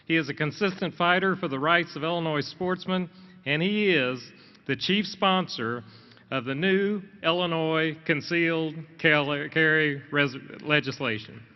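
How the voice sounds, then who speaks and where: A man's voice: on the high side, a little slow, clear, resonant tone. Man, emcee, reading an introduction, stumbles on words, long reverb, lo-fi. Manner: reads a list, stumbles over words. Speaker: rally emcee. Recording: dull lo-fi sound with long reverb.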